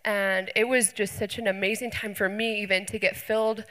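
An earnest young woman with a bright, forceful voice speaks to her church as youth pastor, sharing testimonies with excited energy and casual fillers. Her words ring out in a hall with a long, lingering reverb. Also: mid-range voice, moderate pace. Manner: earnest, enthusiastic, many fillers.

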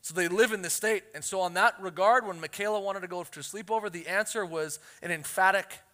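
A man delivers a sermon in a large hall, his bright, high-set voice ringing with a long reverb. He tells stories with energy and voices the people he quotes. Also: a little fast. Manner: animated storytelling, acts out quotes. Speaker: pastor.

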